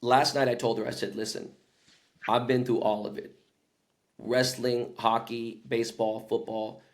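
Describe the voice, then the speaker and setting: A man's voice: medium pitch, unhurried. A man from Los Angeles, a podcast guest, telling stories in slangy casual chat and acting out what others said. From Los Angeles, USA. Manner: animated, slangy, acts out quoted voices. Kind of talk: casual storytelling.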